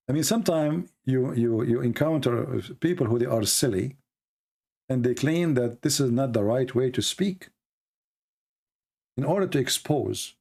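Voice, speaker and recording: Gravelly low-toned guy, broken non-native english, livestream host ranting, lots of "you know", gets heated and high. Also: animated, moderate pace, a little mellow. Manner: emphatic, grows heated and high-pitched when mocking critics; frequent "you know" and repeated words. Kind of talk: casual spoken monologue.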